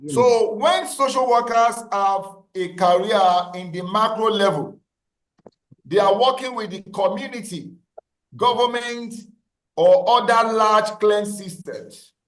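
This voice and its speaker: Man lecturing, high and echoey. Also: slow. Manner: repeats key phrases, asks class questions. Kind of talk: online class lecture. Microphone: video call.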